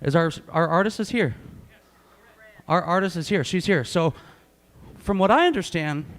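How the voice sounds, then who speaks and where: A man who is a champion auctioneer, calling bids at a live charity auction in a very fast, clipped chant. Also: a little high, animated. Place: large event hall.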